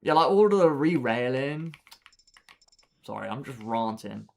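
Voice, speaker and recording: A man's voice: mid-range voice, expressive, measured pace. A young man streaming a game live, joking, bragging and chatting back to his viewers in a casual way. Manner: joking, boastful, answering chat. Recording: clear background noise.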